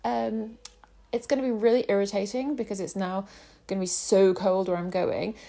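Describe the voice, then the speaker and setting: A woman's voice: mid-range voice, flat delivery, moderate pace, gravelly, warm tone. A young woman vlogging, telling her day in a chatty, sarcastic way. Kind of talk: casual chat.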